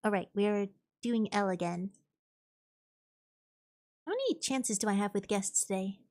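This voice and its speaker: A woman's voice: mid-range voice, measured pace, a little mellow. A woman streamer chatting casually while gaming, thinking aloud and answering chat.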